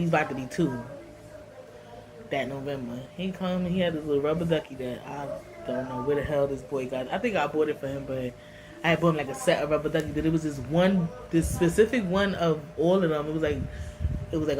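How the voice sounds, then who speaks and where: A woman's voice: low voice, background noise. Candid New York woman telling a story. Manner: candid, emotional, slangy. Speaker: vlogger. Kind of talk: casual storytelling to camera.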